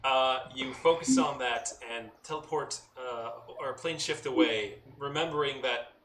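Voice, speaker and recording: A man narrating as game master of a tabletop game, talking in a relaxed way with many fillers. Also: medium pitch, measured pace. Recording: roomy echo, mic at a distance, faint noise.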